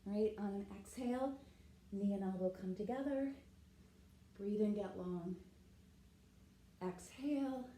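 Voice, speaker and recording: A yoga instructor guides a class, talking as she demonstrates poses and often checking in with "right?", slightly out of breath from moving. Her medium-pitched voice is dark-toned, a little slow, and full of pauses. The rough recording is reverberant, with a bit of hiss or hum.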